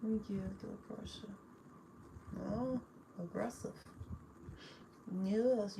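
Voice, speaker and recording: A woman, chatting casually with viewers on a livestream, affectionate and quick to laugh. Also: fairly high pitch, background noise. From New Orleans, Louisiana. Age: 40s. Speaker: livestream host.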